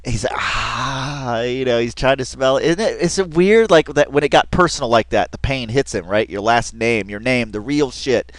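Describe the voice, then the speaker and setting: A man's voice: medium pitch, moderate pace, hardly any pauses, dry recording. A man giving casual reaction commentary on a video, rambling and chatty with lots of fillers and restarts, often laughing as he talks. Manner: laughs often while talking.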